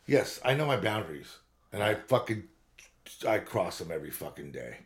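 A man's voice: low-pitched, sing-song, moderate pace. Man, fifties, podcast co-host, casual chat, rambling, profane. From Southern California.

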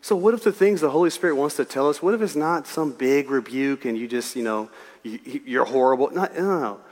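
A man preaching a sermon in a lively, conversational way, full of humor and everyday asides. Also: mid-range voice, brisk, long reverb tail. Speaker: pastor.

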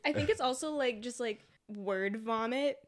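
A woman co-hosting a podcast, chatting casually in an animated way and laughing easily. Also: on the high side, moderate pace. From Canada. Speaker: podcast co-host. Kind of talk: casual chat.

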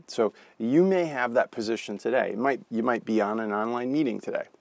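A man leads an earnest morning devotional with a gravelly edge to his voice. He talks in a plain, conversational way and sometimes restarts a phrase. The sound is dry and close, with no room echo. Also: medium pitch, brisk, few pauses. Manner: earnest, warm pastoral encouragement with a closing prayer. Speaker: devotional speaker.

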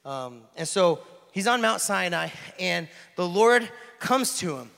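Gravelly-voiced man preaching in a reverberant hall. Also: sits high, a little slow. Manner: joking, animated storytelling that drops to hushed intensity. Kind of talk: casual sermon. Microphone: handheld microphone.

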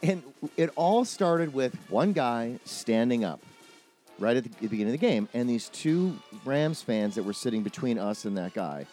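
Animated middle-aged man telling a story. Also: medium pitch, moderate pace, faint music behind. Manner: animated storyteller, acts out quotes, swears freely. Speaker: podcast co-host. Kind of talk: casual chat.

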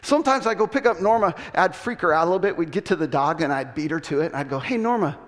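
A male pastor telling a story in a sermon, acting out voices with laughter and animated delivery. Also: on the high side, fast. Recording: long hall reverb.

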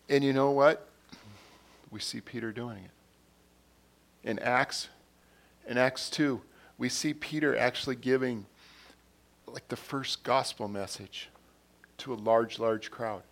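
Conversational preacher man, mid-pitched. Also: slow pace, vocal fry, pauses often. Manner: conversational, retells scenes in quoted dialogue; repeats and restarts words. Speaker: pastor. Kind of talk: sermon.

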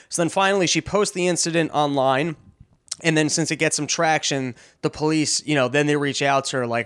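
A man hosting a podcast who rants in a comedic, profane way. He swears often and stammers through quick restarts. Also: fairly high pitch, fairly bright tone, dry recording, studio quality. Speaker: podcast host.

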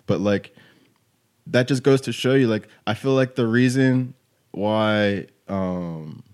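A podcast host in his twenties tells stories in a loose, laid-back way during casual chat, filling every gap with "like," "you know," and "you know what I'm saying." His voice is lowish, slow, and darkish, with a clear, resonant tone.

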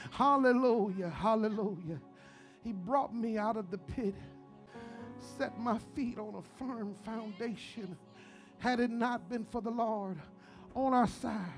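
A male pastor preaching a sermon in a church, fervent and call-and-response, building from quiet to shouting, with many "uh"s and "come on now"s. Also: very high voice.

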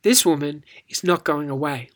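A teacher delivers a scripted devotional talk at a medium pitch. The delivery is storytelling and rhetorical, and reads scripture passages with expressive inflection. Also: normal speed. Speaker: Bible teacher.

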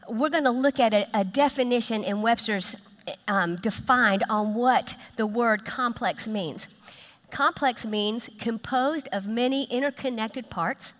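A woman with a fairly high voice preaches in a church, lively and teasing as she works the congregation. She is a pastor's wife, chatty and playful from the pulpit. The sound rings with the long reverb of a church hall. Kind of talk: sermon. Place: church sanctuary.

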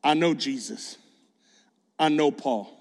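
A man voicing a cold-blooded male demon with a slow, menacing, deep voice. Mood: cold menace. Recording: long hall reverb.

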